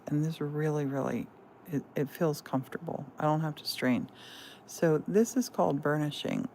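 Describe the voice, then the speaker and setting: A woman with a low voice and a mellow, warm tone leads a live craft demonstration from her studio. She talks in a chatty way, walking through each step and greeting viewers as they join. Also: a little hiss or hum. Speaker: stained glass artist and host.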